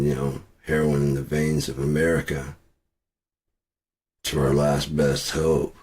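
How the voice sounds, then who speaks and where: A man ranting angrily to camera, swearing constantly and breaking into shouts. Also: rumbling low. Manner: profane and furious, shouting at times. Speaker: vlogger. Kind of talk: angry political rant.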